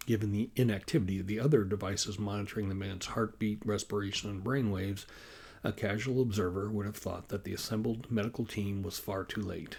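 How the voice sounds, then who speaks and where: Author reading his own novel: man, low, gravelly, husky, measured. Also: steady tone, darkish tone. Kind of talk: audiobook narration.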